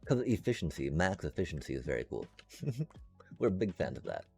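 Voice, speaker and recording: Very deep, mellow and creaky, this man's voice swings widely in pitch at a moderate pace, with faint music behind him. He narrates his block-building live stream to chat, humming effects and muttering until his words trail away.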